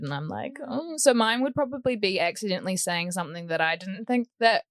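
A woman's voice: mid-range voice, lively intonation, brisk, no echo, studio quality. A woman in her twenties with a New Zealand accent, co-hosting a podcast, telling stories in a rambling, hesitant way. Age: 20s. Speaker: podcast co-host. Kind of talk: casual chat.

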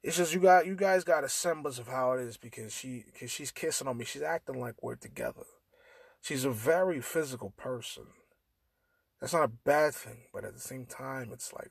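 A young man hosting a podcast, telling a profane, animated story in casual chat and acting out the dialogue. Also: mid-range voice, moderate pace, creaky, slightly rough, no echo. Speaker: podcast host. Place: in a car.

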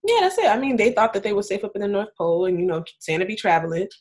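Young female co-host, lively pitch, playful slangy banter. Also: rapid-fire. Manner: animated, joking, slangy. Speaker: podcast co-host. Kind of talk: casual chat.

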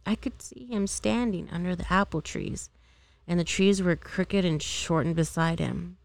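An amateur reader, a woman with a low, gravelly voice, reads a novel aloud unhurriedly and unpolished, sometimes stumbling and rereading lines. The sound is dry and close, with no echo.

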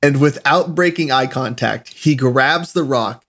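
A young man telling animated stories in a casual chat, laughing often. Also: medium pitch, measured pace. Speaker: podcast co-host.

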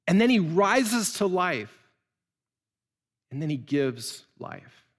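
A man's voice: a little high, a bit bright. A male pastor preaching an earnest sermon to people watching at home, telling stories and building to fervent appeals. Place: church building. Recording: long reverb of a large church.

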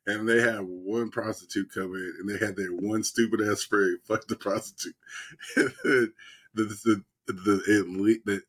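A man's voice: lowish voice, steady tone, unhurried, fairly bright tone, slightly rough. A man in casual podcast chat, retelling a TV show in a rambling, profane way and laughing often. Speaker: podcast co-host.

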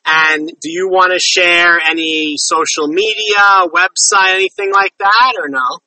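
A man hosts a podcast in a friendly, rambling way, often apologizing and circling back. His voice is fairly high and very bright. He sounds a bit far from the mic in a dry room. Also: steady tone, measured pace, no room sound. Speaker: podcast host. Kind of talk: casual interview chat.

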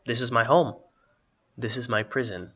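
A man voicing a blind, coughing old hermit with a raspy, muttering voice. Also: medium pitch, fairly even intonation, normal speed, sharp tone, muffled recording. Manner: muttering, wheezy.

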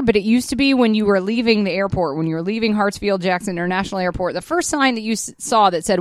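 A woman's voice: medium pitch, animated, no echo. Chatty woman podcast co-host, dry close mic. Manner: chatty, swears, quick asides and laughs. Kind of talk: casual chat.

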